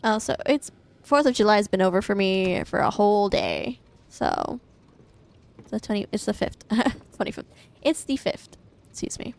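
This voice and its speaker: A gravelly, medium-pitched voice at a moderate pace belongs to a young Midwestern woman streaming a game from home. She rambles casually, laughing often and swearing without restraint.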